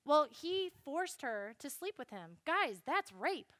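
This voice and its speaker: A young woman giving a classroom Bible lesson, animated and speaking straight to her listeners. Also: high voice, slow, dry recording, studio quality. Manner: animated, addresses listeners directly.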